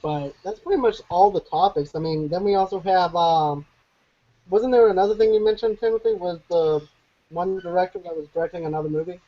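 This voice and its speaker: A man's voice: sits high, brisk, lo-fi sound. A man co-hosting a movie podcast in casual chat, laid-back and telling funny stories. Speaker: podcast co-host.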